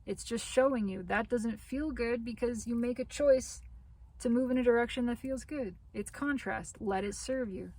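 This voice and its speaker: A woman giving a spiritual tarot reading to her audience. She talks slowly, repeats her phrases and reassures the listener, and her voice is wearing thin as she loses it. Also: on the high side, darkish tone, poor audio. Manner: slow, repetitive, reassuring phrasing. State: losing her voice. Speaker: tarot reader.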